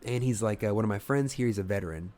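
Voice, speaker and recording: A young man with a fairly low voice tells a comedy-club story in a loose podcast chat. He swears freely and slips into the voices of the people in his story. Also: quick pace. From Ohio, US. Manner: animated, swearing, acts out voices in his anecdotes. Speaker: stand-up comedian, guest.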